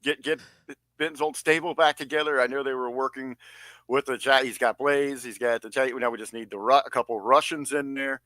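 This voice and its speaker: A man with a bright, forceful voice co-hosts a laid-back wrestling podcast. He leans into grand, mock-patriotic riffs and stretches out his big lines. The sound is close and dry, with no room around it. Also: medium pitch, steady tone, no echo. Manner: hypes up mock-patriotic bits with drawn-out emphasis. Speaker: podcast co-host. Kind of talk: casual wrestling podcast chat.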